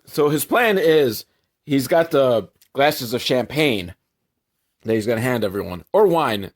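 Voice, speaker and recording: Sarcastic man recapping a movie. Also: unhurried. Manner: deadpan, irreverent asides, jumps in pitch for emphasis. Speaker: comedic movie reviewer.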